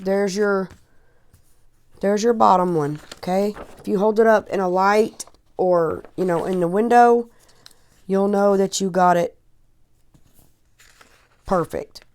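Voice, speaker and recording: A woman in her forties walks viewers through a sewing project in a loose, chatty way, checking in with "okay?" every few steps. Her voice is smooth and clear at a middle pitch, and it carries emotion she is holding back. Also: steady tone, takes it slowly, pauses often, darkish tone. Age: 40s. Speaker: crafting tutorial host. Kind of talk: casual how-to instruction.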